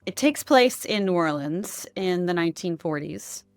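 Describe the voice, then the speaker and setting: A woman's voice: lowish voice, lively intonation, normal speed, no room sound. A woman voice and accent coach explaining her methods in a conversational interview, often checking in with "right?".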